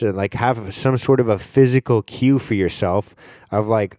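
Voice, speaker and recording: A man's voice: mid-range voice, normal speed, a little mellow, no room sound, clean studio sound. A young man hosting a solo podcast, talking informally in a rambling way, with many fillers and frequent swearing. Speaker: podcast host. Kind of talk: casual solo podcast talk.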